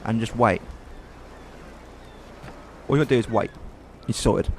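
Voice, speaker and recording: A man's voice: medium pitch, a little slow, a little mellow, slight background noise. Profane Welsh man ranting over a game. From Wales. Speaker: gamer. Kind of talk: casual let's play commentary.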